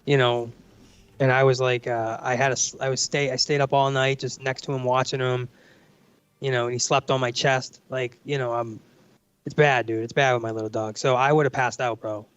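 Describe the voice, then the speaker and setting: A man's voice: mid-range voice, level tone, moderate pace, a bit bright, clear, resonant tone, no echo. A man on a casual livestream telling a rambling story, swearing often and saying bro and dude. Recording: dry, dull lo-fi mic.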